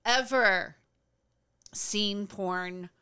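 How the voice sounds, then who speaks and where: Bright-voiced woman musing in chat. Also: medium pitch, very slow, clear, resonant tone. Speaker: podcast co-host. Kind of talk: casual chat.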